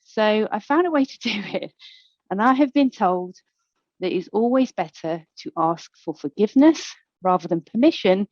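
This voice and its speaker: A woman's voice: medium pitch, lively intonation, normal speed, darkish tone, dry recording. A woman from England speaking at a conference panel, telling a candid personal story with a playful touch. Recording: dull, dry lo-fi recording.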